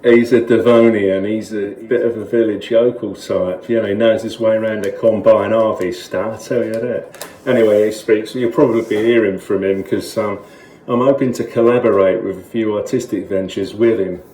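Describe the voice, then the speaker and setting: A man's voice: lowish voice, fairly even intonation, moderate pace, mellow, echoey room, lightly acted, poor audio. A man voicing a chatty male carp with a Cockney East London accent, rambling through a comic monologue to camera. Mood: matey. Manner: rambling, matey storyteller.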